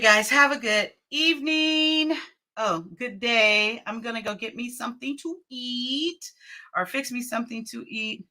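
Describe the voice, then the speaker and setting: Bright, slow-talking laughing woman host. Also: on the high side. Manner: laughing, chatty, talks to viewers. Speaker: livestream host. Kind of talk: casual livestream chat.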